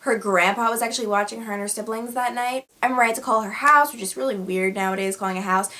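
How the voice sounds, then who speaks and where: A woman's voice: fairly high pitch, steady tone, quick pace, pushed and bright. A young woman telling stories casually to her vlog audience, chatty with lots of fillers. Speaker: vlogger. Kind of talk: casual storytelling.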